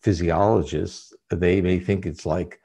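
A man, a guest scientist in an interview, giving measured, lecturing explanations. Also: low-pitched, steady tone, mellow, breathy edge.

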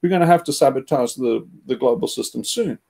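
A man's voice: medium pitch, a little fast, gravelly, warm tone, slightly rough. A man hosting a podcast discussion, talking in an agitated, profane, emphatic rant, scornful and breaking into bursts of laughter. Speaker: podcast host. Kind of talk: ranting discussion.

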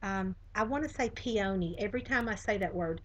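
A woman's voice: medium pitch, expressive, quick pace, fairly bright tone, low-quality recording. Chatty Southern woman demonstrating crafts. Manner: chatty, friendly, many fillers. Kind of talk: live craft tutorial.

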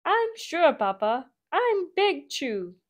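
A woman's voice: very high voice, very animated, takes it slowly, pitched above the performer's own voice, exaggerated voice. A woman voicing an eager young boy steam train who boasts in a bouncy way. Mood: boastful.

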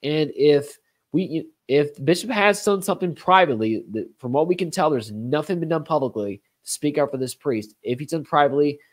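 A man's voice: fairly high pitch, expressive, a little fast. A man hosts a talk show, moving between commentary and reading a letter aloud. He speaks earnestly and presses hard on key words. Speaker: host.

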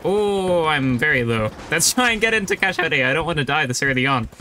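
A man's voice: on the high side, expressive, quick pace, sharp tone, a little hiss or hum. A young man giving casual live commentary while playing a video game, explaining his choices as he goes. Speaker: gaming YouTuber.

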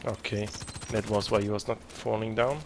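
A man's voice: fairly low pitch, flat delivery, normal speed, background noise. A man giving live gameplay commentary, muttering to himself and self-critical, with bursts of frustration. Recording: game gunfire clearly audible behind. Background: gunfire from the game.

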